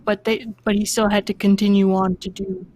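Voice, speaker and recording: A woman's voice: medium pitch, flat delivery, a little fast, darkish tone, rough recording. Woman, tabletop player, thinking aloud, faint background noise. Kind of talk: casual chat in a tabletop game.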